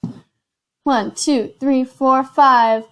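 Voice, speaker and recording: A woman with a slightly high voice hosts a casual board game session. She reads out each card, counts the spaces aloud and drops in chatty asides between rolls. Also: steady tone, very slow, smooth. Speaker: host.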